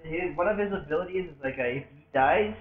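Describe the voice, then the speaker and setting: A young man co-hosting a podcast, hesitant and halting, often trailing off in casual gaming chat. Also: a little high, over a noisy crowd. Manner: hesitant, lots of fillers, trailing off. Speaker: podcast co-host. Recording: tinny echoey lo-fi room with faint noise.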